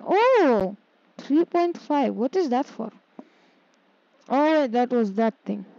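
Slow-talking woman muttering through gameplay. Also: on the high side, mellow, dry recording, muffled recording. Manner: muttering to herself, easily exasperated. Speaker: gaming streamer. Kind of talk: casual gameplay commentary.

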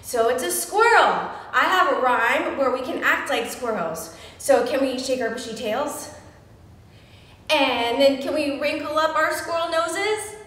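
A young woman librarian leading a virtual story time for small children, talking in an animated, playful sing-song way. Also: sits high, measured pace. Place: library room. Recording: echoey room with long reverb.

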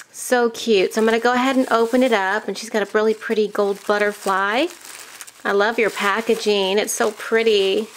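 A crafting YouTuber in her thirties unboxes a package, chatting casually and gushing with enthusiasm amid frequent gasps. Her voice is on the high side with a fairly bright tone.

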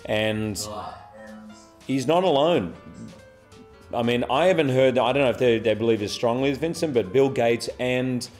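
Australian man, forties, actor guest, relaxed, chuckling, faint music behind. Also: mid-range voice, normal speed. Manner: relaxed, good-humoured, chuckling. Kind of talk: press junket interview.

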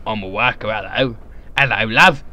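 A man's voice: on the low side, normal speed, bright, forceful tone. A man voicing a crude, leering workman in a put-on Cockney accent. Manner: leering, jokey.

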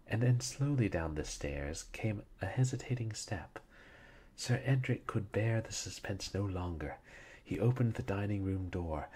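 A man reading an old horror story aloud in a slow, solemn, dramatic manner. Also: deep voice, a little mellow, breathy edge. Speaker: reader.

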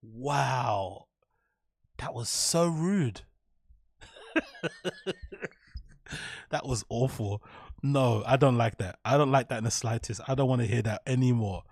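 A young man, streaming live and reacting to his chat in an animated, profane, mock-outraged way. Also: mid-range voice, slow, long pauses, breathy edge, dry recording, clean studio sound.

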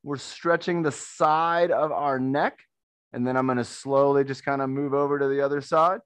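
A man's voice: mid-range voice, fairly even intonation, normal speed, a bit bright, clear, resonant tone, no echo. A man working as a fitness instructor, guiding viewers through neck exercises in an upbeat, encouraging way while he demonstrates the moves. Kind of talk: guided workout instruction.

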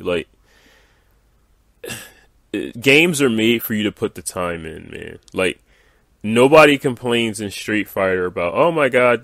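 A man's voice: on the low side, creaky, a bit bright, no echo, clean studio sound. A man ranting in a gaming video, reading out viewer comments and waving them off in an exasperated, dismissive way with lots of fillers.

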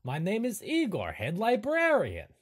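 A man voicing an eager, fussy hunchbacked librarian with a high, excited put-on voice and broken grammar. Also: measured pace, slightly rough, heavily acted.

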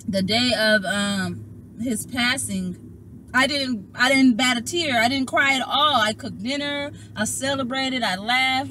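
A young woman, a tarot reader, casually telling viewers a personal story, animated and emotional, and calling them y'all. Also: high-pitched, slight background noise.

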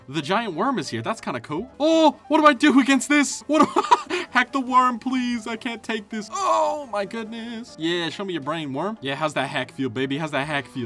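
A young man giving casual, joking commentary over a video game, with excited outbursts. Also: a little high. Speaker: gaming YouTuber. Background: game music.

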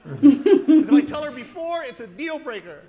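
A male comedian telling a profane story in stand-up, animated, acting out the scenes. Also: extremely high pitch, normal speed, a crowd in the background.

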